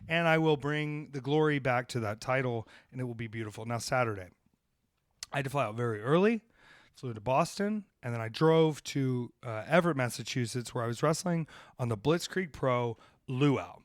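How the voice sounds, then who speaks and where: A man who is a professional wrestler co-hosting a podcast, ranting with heavy swearing, then telling road stories, his loudness swinging between shouted emphasis and hushed asides. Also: medium pitch, animated, normal speed, dry recording, clean studio sound. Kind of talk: fired-up rant, then casual storytelling.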